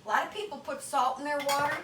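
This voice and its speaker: A woman's voice: high-pitched, fast talker, background noise. An older woman hosting a home cooking demonstration in her kitchen, talking in a chatty, folksy Italian-American grandmother way.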